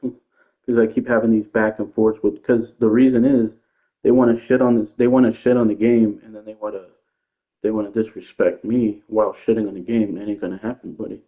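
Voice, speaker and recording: A man's voice: on the low side, little pitch movement, a little fast. A man ranting casually about online opponents as a gaming streamer, rambling, defensive and repeating himself. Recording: tinny phone-like sound in an echoey room.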